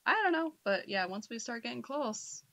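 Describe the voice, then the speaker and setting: A woman guest on a radio show, animated and laughing often, with hiccups, telling paranormal stories in casual chat. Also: fairly high pitch, moderate pace, dry recording.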